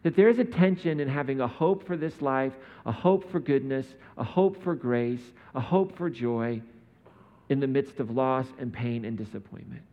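A pastor with a mid-range voice preaches a sermon at a moderate pace, keeping it conversational and frequently posing rhetorical questions to his listeners. The sound is dull in a reverberant hall.

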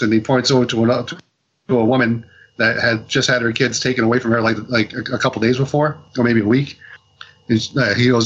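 A man on a casual podcast, retelling a comic's story with lots of ums, restarts and quick acted-out quotes. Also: mid-range voice, level tone, fairly bright tone, slightly rough, lo-fi sound. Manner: rambling retelling with many fillers and restarts. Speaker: podcast co-host reviewing comics.

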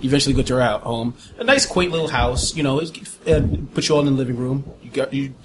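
A man's voice: mid-range voice, fast, background noise. A man narrating as game master, explaining in a loose, filler-laden way.

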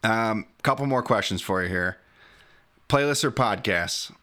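A man hosting a podcast, firing off quick questions and teasing his guest in casual chat. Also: fairly low pitch, pushed and bright. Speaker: podcast host.

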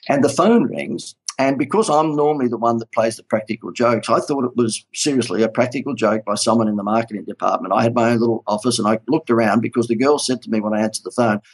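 Australian ad man, husky voice, animated yarn-spinner. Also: mid-range voice, quick pace, hardly any pauses, low-quality recording. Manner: animated anecdote-teller, laughs often. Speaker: guest, advertising consultant. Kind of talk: casual storytelling interview.

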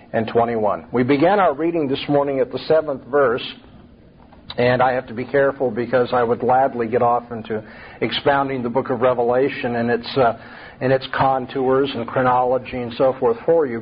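A man's voice: mid-range voice, slightly rough, lo-fi sound. A man preaching a sermon, emphatic and full of rhetorical questions.

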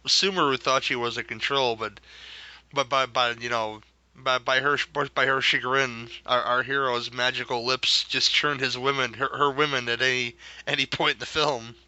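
Man, very bright tense voice, rambling film chat, repeats words, dull lo-fi sound. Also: mid-range voice, level tone, normal speed, no echo. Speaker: podcast co-host. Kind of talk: casual movie review chat.

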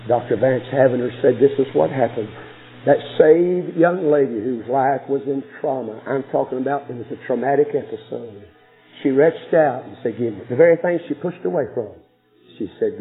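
A man preaches a sermon, spinning a story with emphasis and sudden soft drops in his voice. The sound is thin and tinny, like an old radio broadcast. Faint music sits underneath. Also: fairly high pitch, normal speed.

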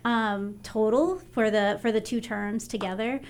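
A woman's voice: on the high side, steady tone, measured pace. A woman on a local radio talk show, a cultural council member explaining figures step by step and laughing easily.

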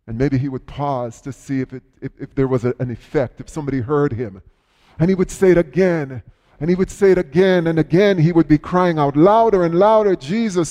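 Man preaching a dramatic sermon in a hall. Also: a little high. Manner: storytelling, dramatic shifts in loudness and pace. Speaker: pastor.

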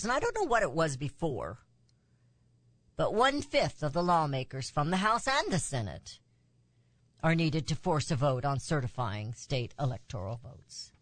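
A woman hosts a political talk radio show with a fairly bright tone, recorded dry. Her monologue is emphatic, her pitch climbing on the points she stresses, and she throws in asides.

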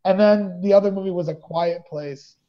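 Casting: high-pitched man, lively storyteller, casual podcast chat, slightly muffled lo-fi sound. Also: normal speed. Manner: animated storyteller, acts out quotes. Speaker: podcast co-host. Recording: dull lo-fi sound.

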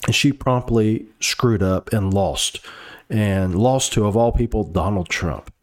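Sarcastic man with a lowish voice. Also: measured pace. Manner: sarcastic, rambling, reads news aloud with asides; frequent fillers and restarts. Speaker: political commentary host. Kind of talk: casual political commentary monologue.

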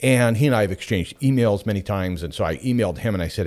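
A man's voice: on the low side, fast talker. A middle-aged man hosting a radio show, talking casually and telling stories with frequent asides. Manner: animated, chatty storyteller with frequent asides. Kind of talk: casual talk radio monologue.

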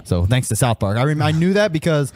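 Young male podcast host, excitable and profane, very lively pitch, dry sound, faint music behind. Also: fairly quick, no echo. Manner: excitable, swearing, laughs a lot. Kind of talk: casual chat.

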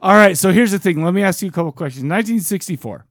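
Teasing, argumentative podcast co-host. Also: male voice, high voice, animated, rapid-fire, a bit bright. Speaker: podcast co-host guessing at trivia. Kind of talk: casual podcast chat.

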